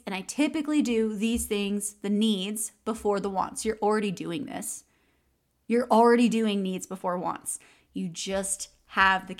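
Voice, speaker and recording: Encouraging woman coach, higher voice. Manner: encouraging, laughs often, repeats key phrases. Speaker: podcast host and mindset coach. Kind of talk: solo podcast coaching talk.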